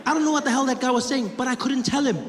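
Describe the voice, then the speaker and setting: A man's voice: very high-pitched, rapid-fire, echoey room, in a large hall. A man doing stand-up comedy, telling a story and acting out the voices and sounds in it. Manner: animated, acts out voices and siren sounds.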